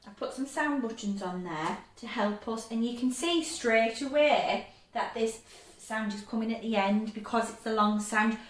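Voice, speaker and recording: A woman teaching a phonics lesson to young children, encouraging and stretching sounds out slowly. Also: fairly high pitch, roomy sound. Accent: English.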